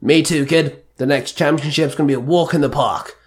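A man's voice: a little high, fairly even intonation, a little fast, natural voice. A man voicing a jovial older bowling alley owner who talks heartily, chuckling. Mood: hearty.

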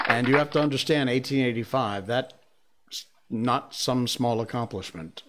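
Male host, from Connecticut, casual solo monologue, meandering and chatty. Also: mid-range voice. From Connecticut, United States. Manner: chatty and rambling, with frequent ums and asides. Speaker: show host. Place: living in Malaysia.

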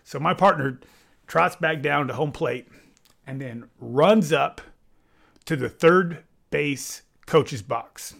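Animated male storyteller, umpire swapping game stories, slightly higher voice. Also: slow pace, vocal fry. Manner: animated storyteller, gets loud and laughing at punchlines. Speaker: baseball umpire telling a story. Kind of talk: casual storytelling on a podcast.

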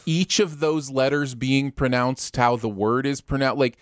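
A man's voice: medium pitch, fairly even intonation, unhurried. A man hosting a casual podcast, rambling with many fillers and restarts. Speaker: podcast host.

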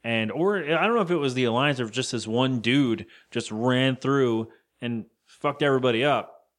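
A man co-hosting a podcast, recapping a film in loose, casual chat with quick quoted lines and some swearing. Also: mid-range voice. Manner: loose and profane, retells scenes with quoted lines. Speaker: podcast co-host.

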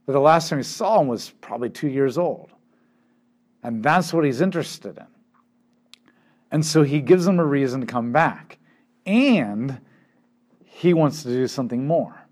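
A man teaching through a Bible passage, retelling it with animated quoted voices and asides to his listeners. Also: mid-range voice, a little slow, pauses often. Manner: animated storytelling, acting out quotes.

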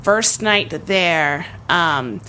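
A young woman telling a comedic story in casual chat, animated and full of likes and ums, often breaking into laughter. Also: lowish voice, extremely slow, slight background noise.

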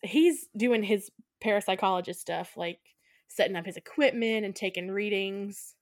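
A woman's voice: mid-range voice, moderate pace, no echo, studio quality. A woman co-hosting a podcast, recapping a film in casual chat and laughing often. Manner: laughs often, acts out quotes in voices. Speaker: podcast co-host.

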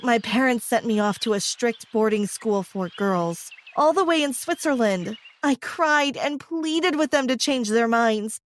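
A woman narrating a dramatic first-person story, emotional and acting out her own lines with big swings. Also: on the high side.

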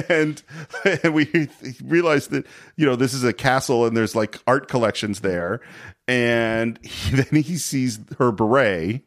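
A man's voice: mid-range voice, measured pace. A man casually retelling a film scene by scene as a podcast host, laughing often. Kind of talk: casual movie recap chat.

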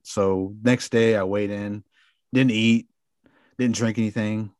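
Low-ish guy rambling thru a story on a podcast, lots of "like", cusses a bit, dry sound. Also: steady tone, takes it slowly, long pauses, a little mellow, no room sound. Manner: rambling, filler-heavy with frequent swearing. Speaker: podcast guest. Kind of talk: casual storytelling.

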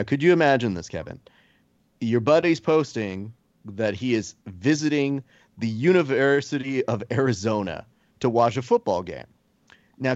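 Lively joking man hosting a podcast. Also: medium pitch, no room sound, dull audio. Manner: animated, joking, profane. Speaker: podcast host. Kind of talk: casual podcast chat.

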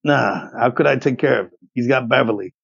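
A man's voice: mid-range voice, fairly quick, gravelly, husky, dry recording. A man in his forties running a tabletop game as game master, laid-back and joking. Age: 40s. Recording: dull lo-fi dry mic.

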